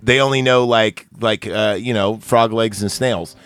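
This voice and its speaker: A man's voice: on the low side, fairly even intonation, unhurried, background noise. Rambling, crude-joking man chatting about a film. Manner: rambling, joking, crude, trails off mid-thought. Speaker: podcast co-host. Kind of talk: casual movie discussion.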